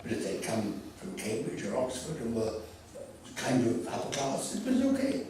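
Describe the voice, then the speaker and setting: A man's voice: medium pitch, normal speed. Older man, theatrical anecdotes, distant mic, very echoey hall, faint noise. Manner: theatrical, animated storyteller with laughs. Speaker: convention guest. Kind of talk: anecdotal storytelling. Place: convention hall.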